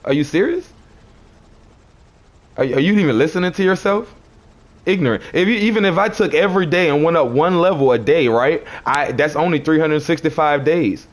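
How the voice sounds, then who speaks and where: A man with a fairly high speaking voice, talking on a livestream. He argues with commenters in a preachy, confrontational way. He keeps repeating his phrases. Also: lively intonation, moderate pace. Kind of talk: arguing with live chat commenters.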